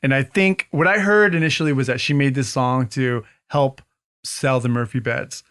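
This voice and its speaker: A man's voice: medium pitch, moderate pace, a bit bright, clean tone. A man hosting a casual podcast chat, telling a story with hesitant ums and restarts. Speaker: podcast host.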